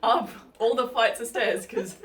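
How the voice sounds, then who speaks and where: A woman's voice: on the high side, measured pace. Winded Australian woman. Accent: strong Australian. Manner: laughing, out of breath. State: sweaty, winded. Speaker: guest friend. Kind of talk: casual chat.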